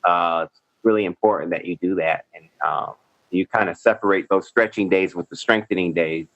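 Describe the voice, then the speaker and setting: Low-voiced, upbeat American man. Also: steady tone, fairly quick, fairly bright tone, no echo, dull audio. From United States. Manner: upbeat, enthusiastic, with fillers. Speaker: podcast guest, gymnast. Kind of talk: casual interview answers.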